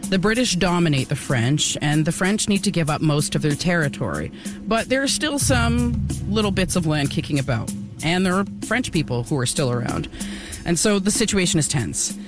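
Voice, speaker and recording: A woman's voice: fairly low pitch, lively intonation, moderate pace, music in the background. A woman co-hosting a casual history podcast, explaining events with a few fillers. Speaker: podcast co-host.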